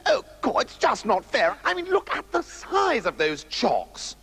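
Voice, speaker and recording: A man's voice: extremely high pitch, wildly swooping pitch, measured pace, a bit bright, slightly rough, soft background music, full character voice. A man voicing cheeky, greedy young princesses in a whiny, gushing voice.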